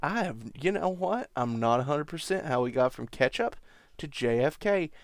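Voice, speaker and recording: A man's voice: on the high side, animated, moderate pace, dry recording, clean studio sound. A man hosting a podcast, rambling through a comic monologue with wry, self-mocking asides. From United States. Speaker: podcast host.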